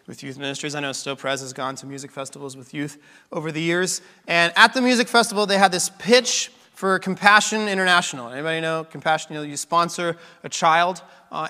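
A man's voice: high voice, sharp tone. Man preaching in a reverberant hall. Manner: conversational, with fillers and restarts. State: losing his voice a little. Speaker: pastor. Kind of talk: sermon storytelling.

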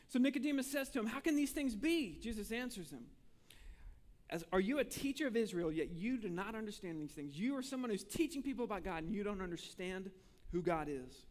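A man's voice: high-pitched, animated, brisk. A man preaching a sermon as pastor, earnest and building to emphatic peaks, often repeating words as he presses a point.

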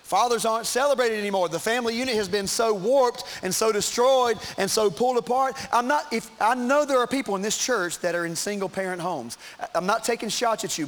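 A man preaching a sermon to his congregation in church, emphatic and repetitive, with asides to the crowd. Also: high voice. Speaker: pastor.

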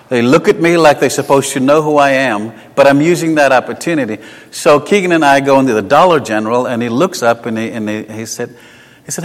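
South African preacher in a reverberant hall. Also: male voice, mid-range voice, normal speed. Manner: swings between emphatic lines and hushed asides; conversational, with personal stories. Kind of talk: sermon.

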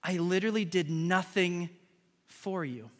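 A high, bright male voice preaching to a congregation, jumping into playful dialogue as he tells his stories. It rings out in a large, reverberant hall, with soft music under him. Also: unhurried. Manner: animated storytelling, acting out dialogue. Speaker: pastor. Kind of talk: sermon. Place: church sanctuary.

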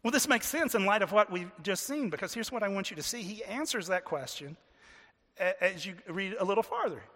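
Earnest guy preaching a sermon, high voice, long church reverb. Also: expressive, bright, forceful tone. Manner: earnest, repeats words, slows to stress points. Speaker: pastor.

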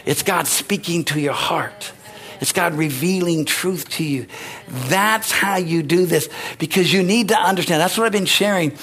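A man's voice: fairly high pitch, moderate pace, a bit bright, breathy edge. A man preaching a rousing sermon, calling out amens and hallelujahs between points. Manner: rousing, call-and-response preaching. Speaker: pastor.

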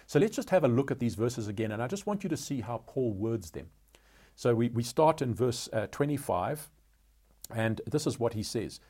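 A man's voice: medium pitch, animated, moderate pace, mellow, breathy edge. A man teaching a Bible study in a methodical way, posing rhetorical questions and guiding listeners through each word of the text. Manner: methodical, asks rhetorical questions, tells listeners to underline words.

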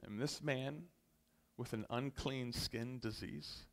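Earnest preacher with soaring, dropping voice. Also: male voice, medium pitch, fairly even intonation, slow pace. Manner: earnest, builds to loud emphatic peaks then drops soft; addresses listeners directly. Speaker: pastor. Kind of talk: sermon.

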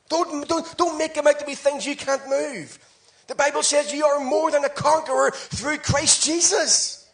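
A man pastor preaching a sermon, exhorting his congregation with emphatic, repeated phrases. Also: very high-pitched. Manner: emphatic, repetitive exhortation with rising shouts.

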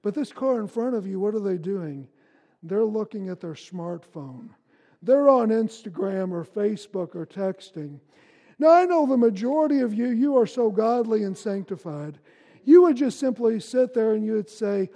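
A man's voice: sits high, expressive, unhurried, creaky, mellow, big-room sound. A male pastor preaching a sermon, telling everyday stories with punchy, emphatic bursts.

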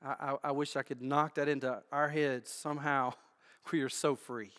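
A man's voice: medium pitch, flat delivery, moderate pace. Preaching man in an echoey hall. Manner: emphatic preaching with repeated phrases, swinging from loud to hushed. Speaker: pastor. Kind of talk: sermon. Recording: echoey hall with long reverb.

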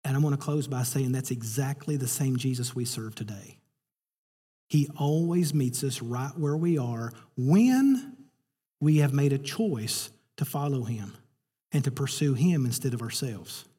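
A man's voice: medium pitch, lively intonation, unhurried, warm tone, husky. A man preaching a sermon, telling a story and acting out the voices he quotes. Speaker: pastor. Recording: reverberant hall.

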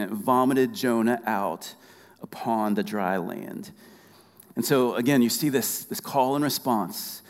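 A man delivers a sermon in an easy, conversational way, tossing in light humor. When he reads scripture he slows down and lingers on the words. His voice rings out with the long reverb of a large hall. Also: medium pitch. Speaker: pastor.

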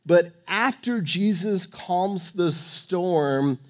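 A man preaching a sermon, emphatic, swinging between loud urging and hushed, quiet tones. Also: high voice, lively intonation, drawn-out words.

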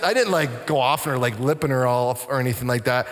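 A man from Canada, a pastor, preaching a sermon with animated storytelling that drops to soft, intense tones. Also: mid-range voice, a little fast, few pauses. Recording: long church reverb.

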